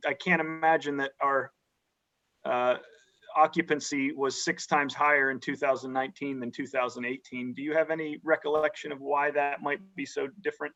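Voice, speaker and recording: A man on a county board asking careful, measured questions in a public meeting, often restarting his sentences. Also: on the high side, little pitch movement, pushed and bright. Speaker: county supervisor. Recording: dull lo-fi meeting audio.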